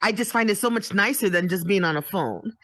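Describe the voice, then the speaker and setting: Chatty bright-voiced middle-aged woman. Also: medium pitch, brisk. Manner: chatty, many "you know" fillers. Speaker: guest. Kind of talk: casual chat.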